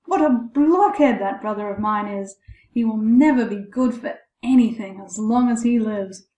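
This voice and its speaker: A woman's voice: on the high side, moderate pace, dark tone, close to an everyday voice. A smug, scornful elder brother, read by a woman storyteller, with a mocking tone. The recording is echoey and slightly distant.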